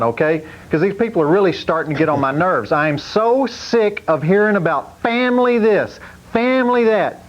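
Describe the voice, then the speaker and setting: A man with a drawl gives comic commentary, folksy and fed up. His voice sits high. It comes through the dull sound of a 1990s TV recording. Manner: folksy, exasperated ranting. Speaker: convention correspondent.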